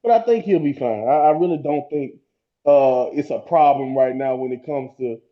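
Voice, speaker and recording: A man's voice: mid-range voice, moderate pace. Rambling man, dull lo-fi sound. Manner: rambling, many fillers and restarts. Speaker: podcast co-host. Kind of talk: casual wrestling chat.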